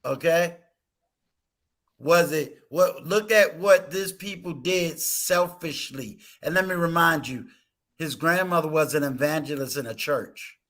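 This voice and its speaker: A man's voice: fairly high pitch, measured pace, fairly bright tone. A man hosting a casual talk stream, telling a personal story with emphatic rhetorical questions. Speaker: host.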